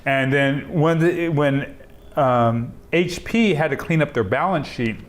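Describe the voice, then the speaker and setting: A man's voice: on the high side, takes it slowly. A middle-aged man telling stories in an oral history interview over a video call, acting out the dialogue and laughing often. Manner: animated storyteller, acts out quoted dialogue, laughs often. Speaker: interviewee, software entrepreneur.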